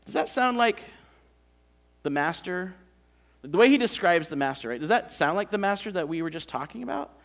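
Animated, high-voiced male preacher. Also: moderate pace, vocal fry. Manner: conversational, animated storytelling with asides. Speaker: pastor. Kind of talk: sermon.

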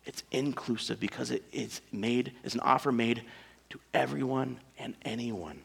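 A male pastor preaching a sermon, emphatic, with dramatic pauses and big swings between loud and soft. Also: mid-range voice, gravelly, breathy edge.

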